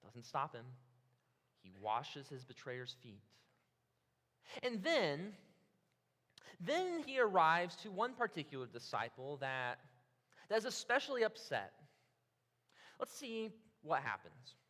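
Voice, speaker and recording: Male preacher, high and bright, animated storyteller, reverberant hall. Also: slow pace, long pauses. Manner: animated storytelling, acts out the disciples' reactions. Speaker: pastor. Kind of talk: sermon.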